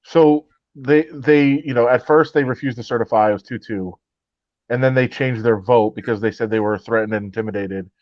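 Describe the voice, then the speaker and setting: A man's voice: medium pitch, normal speed, no echo. A man co-hosting a podcast, blunt and wry in his remarks. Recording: dull lo-fi audio.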